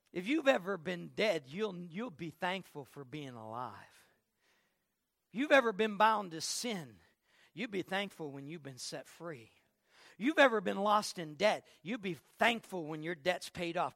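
A male pastor preaching an Easter sermon, swinging from quiet passages to shouted declarations and rapid questions to the congregation. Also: high voice, expressive, vocal fry, dry recording, studio quality.

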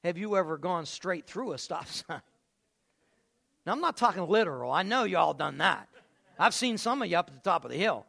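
A man preaching a lively sermon and calling out to listeners by name in a church. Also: high voice, normal speed, creaky. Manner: animated, calls on listeners by name. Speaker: pastor.

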